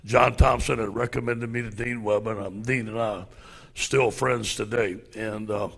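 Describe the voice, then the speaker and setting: A man in his sixties with a gravelly, husky voice, telling animated stories as a guest speaker on a handheld mic. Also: on the low side, normal speed. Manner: animated storyteller, acts out loud exclamations. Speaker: football coach guest speaker. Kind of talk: storytelling at a club luncheon.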